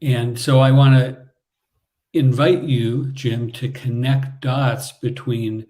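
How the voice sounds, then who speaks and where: A man appearing as a guest teacher on a podcast, speaking calmly and deliberately in conversation. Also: medium pitch. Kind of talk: conversational coaching.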